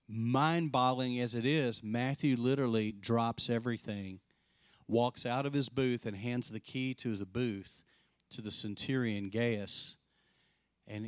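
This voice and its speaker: A man preaching a sermon as pastor, telling a story with lively acted-out quotes and dropping soft and slow to drive points home. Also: mid-range voice, no room sound, studio quality. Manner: animated storyteller, acts out quoted voices; drops soft and slow for emphasis.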